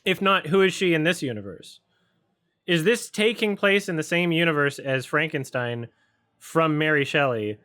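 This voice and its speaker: A man talks through a film as he watches it, snacking and musing aloud. His voice is bright and forceful when he asks his puzzled questions, then fades into quiet, mumbled asides. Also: fairly high pitch, moderate pace, clean tone. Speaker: film reviewer hosting a watch-along. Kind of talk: casual commentary while watching a film.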